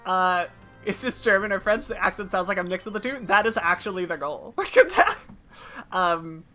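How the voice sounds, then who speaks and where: A woman's voice: mid-range voice, a little fast, pushed and bright, faint music behind. Giggly woman streamer chatting. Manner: giggly, rambling, fillers. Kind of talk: casual live-stream chat.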